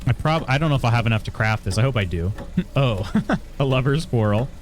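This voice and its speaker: A man's voice: mid-range voice, lively intonation, brisk. A man live-streaming a video game, chatting casually with his viewers and chuckling often. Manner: chatty, reads chat aloud, frequent chuckles. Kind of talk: casual live-stream chat while gaming.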